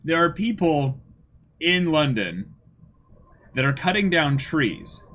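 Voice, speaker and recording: A man co-hosting an anime reaction show, chatting casually and acting out scenes with big swings in his voice. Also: slow pace. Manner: animated, acts out characters with big pitch jumps. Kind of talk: casual chat.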